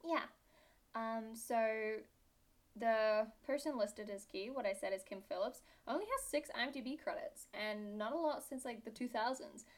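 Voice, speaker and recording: A woman's voice: fairly high pitch, normal speed. Sarcastic young British woman podcasting. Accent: British English, drifting toward Australian. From Britain. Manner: sarcastic, playful, giggly. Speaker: podcast co-host. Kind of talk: casual chat.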